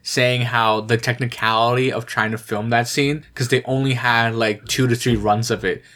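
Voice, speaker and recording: A man's voice: medium pitch, level tone, normal speed, a bit bright. A man in casual chat, telling long stories with lots of fillers and restarts. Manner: rambling storyteller, many fillers and restarts.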